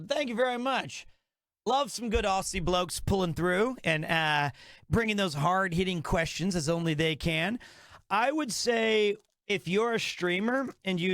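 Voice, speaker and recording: A man's voice: high-pitched, fairly bright tone, no echo, clean studio sound. A man chatting casually on a live stream, enthusiastic and rambling, often restarting his sentences.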